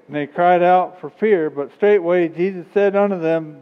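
A man preaching a sermon and reading scripture, emphatic and rising in pitch on key points. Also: normal speed, few pauses, smooth. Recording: dull sound with long hall reverb.

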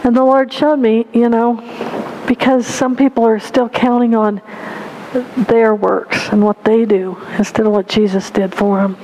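A woman's voice: a little high, level tone, unhurried, warm tone, slight background noise, low-quality recording. A woman giving a heartfelt testimony and sermon story, earnest and full of "you know".

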